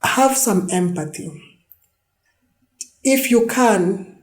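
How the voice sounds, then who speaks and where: A woman's voice: medium pitch, very slow. A woman hosting a monologue-style podcast, talking earnestly and emphatically with many "you know" fillers. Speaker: podcast host. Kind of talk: reflective monologue.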